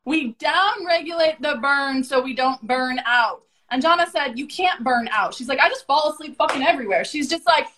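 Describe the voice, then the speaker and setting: A woman guest on a podcast, telling stories in a high-energy, profane, animated way. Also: normal speed, hardly any pauses, low-quality recording. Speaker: podcast guest, business coach. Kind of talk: casual podcast conversation.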